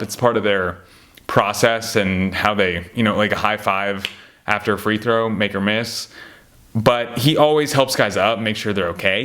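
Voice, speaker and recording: A man in casual chat about basketball players, rambling and getting worked up as he talks, full of fillers and asides. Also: mid-range voice. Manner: animated, rambling, gets worked up. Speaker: podcast host ranking basketball players.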